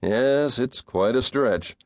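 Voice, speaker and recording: A man's voice: mid-range voice, slow pace, darkish tone, no echo, lightly acted. A man doing a grave, guarded cowboy. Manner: grave, dry, understated. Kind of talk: audiobook character voice.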